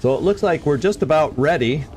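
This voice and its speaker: A man's voice: a little high, lively intonation, a little fast, a little mellow, slight background noise. Man chatting through a game stream. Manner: chatty, self-correcting, stumbles over words. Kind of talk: let's play commentary.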